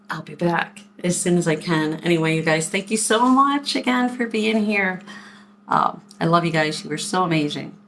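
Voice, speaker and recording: A woman in her forties telling stories in a casual vlog, chatty and animated as she acts out what people said. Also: low voice, a little hiss or hum. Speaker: vlogger. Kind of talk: casual storytelling to camera.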